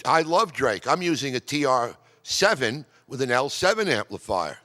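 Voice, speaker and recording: A man voicing a polite, cordial king speaking on a radio call, with an unusual foreign accent and a measured, gracious manner. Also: mid-range voice, very animated, bright, forceful tone. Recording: long reverb in a hall.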